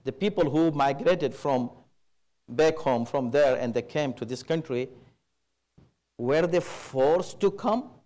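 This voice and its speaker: A man preaching at a religious gathering, speaking in a measured, emphatic way and weaving Arabic terms into his lecture. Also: on the high side, expressive, a little mellow. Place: Islamic center hall.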